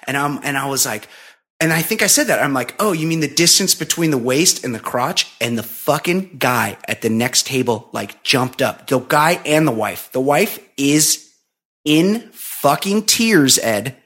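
A man's voice: mid-range voice, animated, a little slow, fairly bright tone. A man co-hosting a podcast, telling a long story in casual, profane, rambling chat full of fillers. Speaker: podcast co-host.

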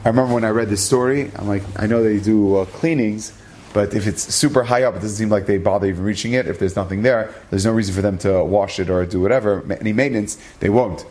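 A man's voice: lowish voice, fast, a little mellow. Earnest man telling a religious story. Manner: earnest, sprinkles Hebrew terms, acts out quoted dialogue.

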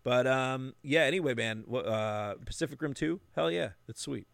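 A man co-hosting a casual podcast chat, hesitant, with many pauses and restarts, sometimes laughing. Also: mid-range voice, creaky, fairly bright tone, dry recording. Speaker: podcast co-host.

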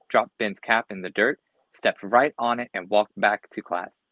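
A man's voice: lowish voice, steady tone, a little slow, dry recording, dull audio. A man reading a children's storybook aloud expressively, with occasional slips and restarts. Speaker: storybook reader.

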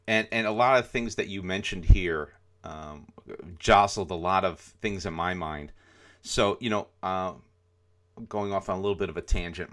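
A middle-aged man with a very low voice talks on a podcast in a loose, rambling way. He fills his sentences with "um" and "you know" and often restarts them. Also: fairly bright tone. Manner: rambling, many fillers and restarts. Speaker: podcast co-host. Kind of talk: casual podcast chat.

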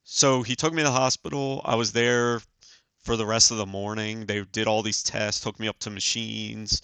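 A man in his forties, a podcast guest, telling a personal story in an earnest, halting way with many fillers. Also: lowish voice, sharp tone, smooth, no echo. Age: 40s. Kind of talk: casual storytelling.

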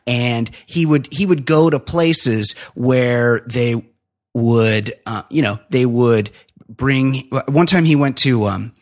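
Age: adult. Sex: man. Style: casual podcast host chat. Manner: profane, rambling rants. Pitch: middle. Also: slow.

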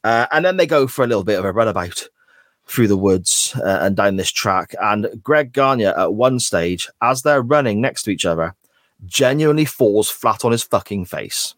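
A man's voice: lowish voice, lively intonation, moderate pace, fairly bright tone, no echo. A man co-hosting a wrestling podcast, recapping a clip in a sarcastic, sweary, casual way. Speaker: podcast co-host. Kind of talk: casual chat.

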